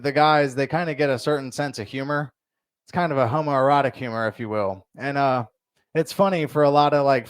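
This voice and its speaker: A man's voice: medium pitch, smooth, dry recording. A young man doing a stand-up comedy set in a bar, telling crude stories in a loose, rambling way full of fillers.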